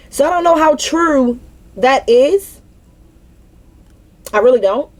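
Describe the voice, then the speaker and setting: A woman's voice: high-pitched, expressive, takes it slowly. A young woman venting in an unscripted spiritual monologue, blunt and profane, preaching with repeated emphatic phrases. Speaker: spiritual vlogger.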